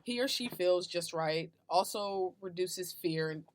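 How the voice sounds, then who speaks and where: A woman's voice: lowish voice, unhurried, a crowd in the background. A young woman, a college student, co-hosting a casual podcast, chatty and slangy. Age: young adult. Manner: chatty, slangy, laughs easily. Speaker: podcast co-host.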